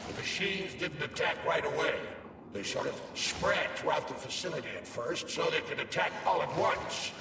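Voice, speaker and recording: Gravelly, bitter lab survivor. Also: male voice, on the high side, distant mic, noisy background. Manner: dry, sardonic. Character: weary trapped male lab survivor, bitter. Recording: echoey game audio from afar.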